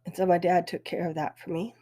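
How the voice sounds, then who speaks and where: A woman's voice: on the low side, flat delivery, dark tone. Tearful woman telling a painful story. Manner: emotional, halting, voice breaking. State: weepy. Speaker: podcast host. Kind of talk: personal storytelling.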